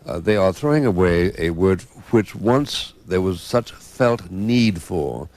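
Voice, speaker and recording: Deep-voiced erudite man, hesitant. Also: lively intonation, a little mellow. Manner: measured and erudite, with frequent hesitations. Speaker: panel guest. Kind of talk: discussion panel.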